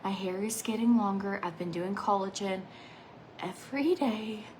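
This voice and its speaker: A woman in her thirties chatting casually through a makeup vlog, rambling between asides, her phrase endings often trailing off into a soft near-whisper. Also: medium pitch, moderate pace, a little hiss or hum, poor audio. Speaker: makeup vlogger.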